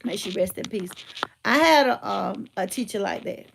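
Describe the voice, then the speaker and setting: A middle-aged woman, telling stories and giving emphatic, animated commentary. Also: mid-range voice, normal speed, gravelly, slight background noise. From Georgia, US. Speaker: motivational speaker and teacher. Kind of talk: casual commentary with storytelling.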